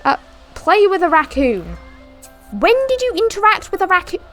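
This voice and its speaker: Lively chatty young woman gamer. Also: extremely high pitch, moderate pace, faint music behind. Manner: chatty, giggly, talks to the characters. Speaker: gaming channel host. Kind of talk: casual let's-play commentary.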